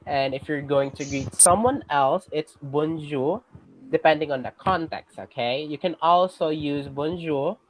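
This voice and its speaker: A teacher with a Filipino accent giving a class lesson, patiently checking in with students and pausing on fillers. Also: mid-range voice, no room sound, low-quality recording. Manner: patient, checks in with "okay?" often; hesitant, many fillers and restarts.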